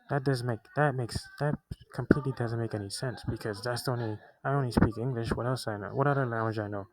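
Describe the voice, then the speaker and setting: A man's voice: medium pitch, fairly even intonation, fast talker, hardly any pauses, low-quality recording. A young man telling a personal story, often restarting his sentences, agitated as he recounts what happened. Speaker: vlogger.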